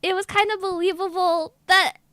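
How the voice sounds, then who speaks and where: A woman's voice: very high-pitched, fairly even intonation, moderate pace, bright, forceful tone, no room sound, studio quality. A woman with a girlish, childlike voice, telling a story in a giggly, rambling way as a VTuber chatting on stream. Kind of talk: casual stream chat.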